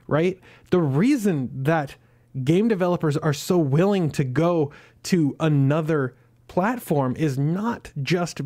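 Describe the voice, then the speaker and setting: A man's voice: fairly high pitch, darkish tone. A man hosting his own gaming video, chatty and upbeat, laughing at himself. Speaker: gaming channel host. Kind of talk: casual video commentary.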